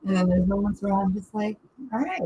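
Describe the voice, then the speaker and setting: A woman's voice: mid-range voice, flat delivery, fast, dark tone, highs cut off, slight background noise. Chatty woman co-hosting a podcast. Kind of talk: casual chat.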